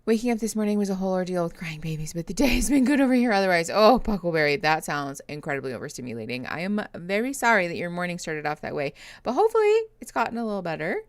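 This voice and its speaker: A woman's voice: on the low side, very animated, quick pace, hardly any pauses, dry recording. A young adult woman, a therapist, chatting casually on a livestream, reading comments and greeting viewers, tired and yawning, laughing often. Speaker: therapist streaming reactions.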